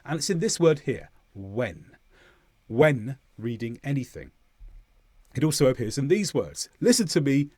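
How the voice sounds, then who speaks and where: A man from southern England with a Southern English accent, teaching English pronunciation and exaggerating each sound slowly as he demonstrates it. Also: mid-range voice, a little mellow, dry recording, clean studio sound. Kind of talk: pronunciation lesson.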